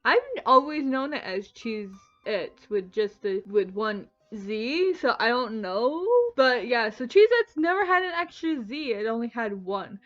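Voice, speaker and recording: A young woman with a high voice talks straight to the camera, casual and animated, and keeps bursting into disbelieving, swearing outbursts. The sound is dull and lo-fi, with faint music underneath. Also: a little slow, hardly any pauses. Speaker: vlogger. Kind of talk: reacting to Mandela effects, casual vlog.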